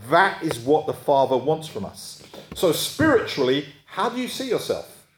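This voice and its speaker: Preacher, echoey room. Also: male voice, on the high side, big pitch swings, moderate pace, slight background noise. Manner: conversational, checks in with the congregation. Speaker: pastor. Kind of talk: sermon.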